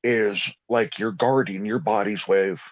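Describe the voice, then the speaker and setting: Low-voiced man, rambling folksy talk. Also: unhurried. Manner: rambling, folksy, informal grammar. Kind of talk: casual spiritual conversation. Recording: dull lo-fi sound.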